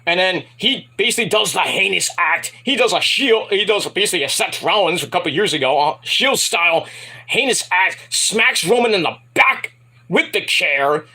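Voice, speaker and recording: A man casually reviewing a wrestling event in a rambling, animated retelling with asides. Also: high voice, normal speed, slightly rough.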